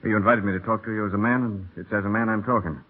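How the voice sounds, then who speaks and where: An actor playing a passionate young stable hand in a 1930s radio drama, bold and pleading. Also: male voice, lowish voice, fairly even intonation, very fast, close to an everyday voice. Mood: ardent. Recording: thin, phone-like old radio broadcast.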